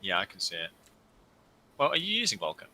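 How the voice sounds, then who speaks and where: A man's voice: deep voice, wildly swooping pitch, brisk, sharp tone, low-quality recording. A young man playing a game with a friend, bantering in a teasing, chuckly way. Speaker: co-player. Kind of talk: casual gameplay chat.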